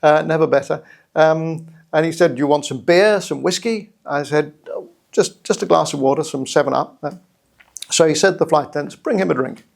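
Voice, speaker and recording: A middle-aged man with a British accent, telling his own story in a measured, reflective way with hesitant restarts. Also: fairly high pitch, vocal fry. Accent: British English. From England. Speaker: guest storyteller. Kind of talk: personal story told to camera.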